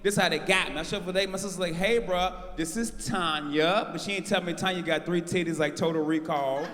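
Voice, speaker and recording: A man in his forties doing brash live stand-up with crowd work, shouting out his punchlines. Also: a little high, fairly even intonation, very fast. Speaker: stand-up comedian. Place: large live venue on stage. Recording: live house mix with long hall reverb.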